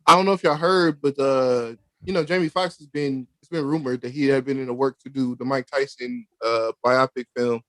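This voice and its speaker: Relaxed man, dry close sound. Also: medium pitch, fairly quick, hardly any pauses, no echo. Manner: relaxed, hesitant with many ums. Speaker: podcast co-host. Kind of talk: casual chat.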